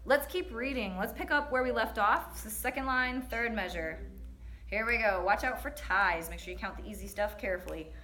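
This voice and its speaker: A woman's voice: on the high side, fairly quick, pushed and bright, echoey room, slight background noise. A woman teaching a percussion lesson, counting and singing rhythms aloud in an upbeat, breezy way.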